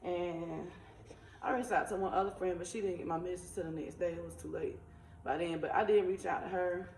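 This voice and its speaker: A woman, telling a personal faith testimony in a casual, animated, conversational way. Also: fairly low pitch, brisk. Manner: animated, conversational, uses dialect. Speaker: spiritual vlogger. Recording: echoey room, faint ambient noise.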